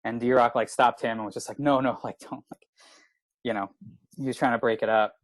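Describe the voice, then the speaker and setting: A man's voice: medium pitch, a little fast, dry recording, poor audio. A man in his thirties from Canada, a comedian telling a rowdy story in casual podcast chat, swearing and saying "like" constantly. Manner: animated, swearing, lots of filler "like". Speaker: comedian guest.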